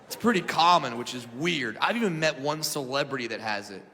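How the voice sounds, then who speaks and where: A man performing a stand-up comedy routine on a club stage. He tells his story with loud, animated energy, dropping into hushed asides and then shouting the punchlines. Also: mid-range voice, brisk. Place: comedy club stage before a live audience. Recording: live club recording with reverb and audience laughter.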